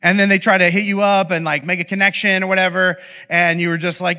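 A man's voice: high-pitched, level tone, quick pace, sharp tone. A man preaching a sermon, telling a story with playful acted-out asides. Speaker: pastor. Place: church podcast recording.

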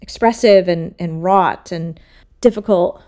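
A woman sculptor talks through her work in a casual interview. She tells her stories in an animated way and slips into the voices of the people she quotes. Her tone is lively. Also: fairly low pitch, unhurried. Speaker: sculptor, guest.

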